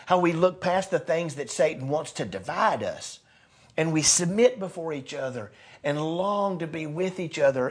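A man preaching a sermon as a pastor, earnest, rising to loud bursts and dropping soft again. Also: a little high, breathy edge.

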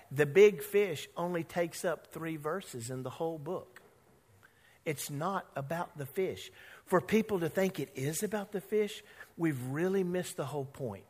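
A man's voice: fairly high pitch, measured pace. A man preaching a sermon as pastor, telling a story and acting out the voices of the people in it. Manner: animated, acts out quoted voices. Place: church sanctuary. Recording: long church hall reverb.

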